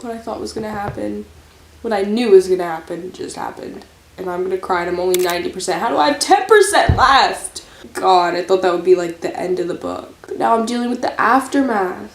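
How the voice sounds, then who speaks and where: A woman's voice: medium pitch, fast talker, recorded from a distance, soft background music. A young woman vlogging about books, chatty, gushing and emotional. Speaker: book vlogger. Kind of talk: casual chat. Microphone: camera mic. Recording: roomy echo, from off the mic, faint hiss.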